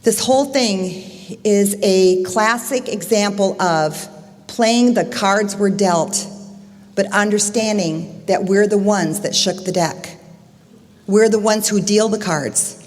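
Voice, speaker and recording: A woman's voice: medium pitch, measured pace. Emphatic woman speaking in an echoing hall. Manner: emphatic, addresses the audience as "gang". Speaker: motivational conference speaker. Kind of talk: motivational speech. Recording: echoey hall.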